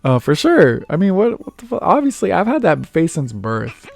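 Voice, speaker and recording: A young man hosting his own vlog, telling childhood stories in a casual, animated way, laughing often and acting out other people's lines. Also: fairly high pitch, moderate pace, creaky, no room sound, soft background music. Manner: animated, laughs often, acts out quotes in raised voice. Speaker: vlog host. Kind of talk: casual storytelling monologue.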